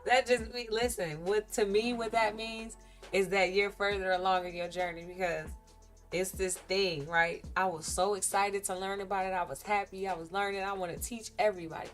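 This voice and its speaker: A woman's voice: medium pitch, steady tone, normal speed, faint music behind. A woman livestreaming her day trading, chatting candidly and animatedly with viewers about her ups and downs. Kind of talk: casual live-stream chat while trading.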